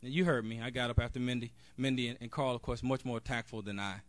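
A man's voice: medium pitch, fairly even intonation, fast talker, dry recording. Earnest man speaking off the cuff. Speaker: convention speaker, national board member. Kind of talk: speech at a convention. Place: convention hall.

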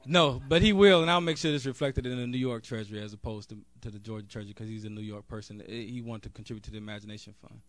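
A man's voice: medium pitch, fast talker, few pauses, fairly bright tone, dry recording, studio quality. Earnest man speaking off the cuff. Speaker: convention speaker, national board member. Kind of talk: speech at a convention. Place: convention hall.

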